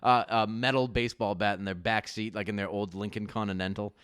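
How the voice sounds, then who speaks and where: A man's voice: fairly low pitch, steady tone, fairly bright tone, clean tone, no echo, studio quality. A man hosting a casual podcast over a video call, loose and rambling. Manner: loose, rambling, quick to laugh. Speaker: podcast host. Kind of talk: casual chat.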